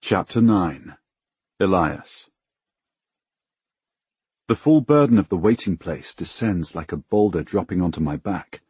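A man's voice: deep voice, expressive, unhurried, long pauses, darkish tone, breathy edge, no room sound. A man narrating a fantasy audiobook in the first person, grave and heavy.

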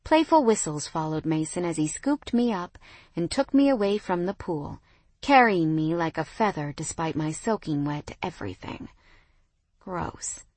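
A young woman narrating a first-person romance audiobook, reading the dialogue with expressive emotion. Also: on the low side, a little slow, no echo.

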